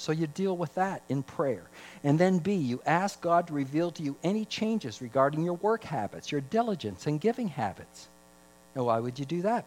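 A man preaching a sermon as pastor, voice climbing for emphasis and dropping low for stories. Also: darkish tone, rough recording.

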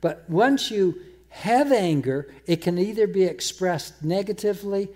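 A man preaching a sermon, emphatic, repeating words and slowing down to quote scripture. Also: high voice, expressive, warm tone. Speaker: pastor.

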